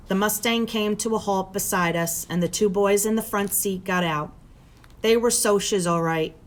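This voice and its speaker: A teacher reading a novel aloud to her students in steady, plain storytelling. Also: lowish voice.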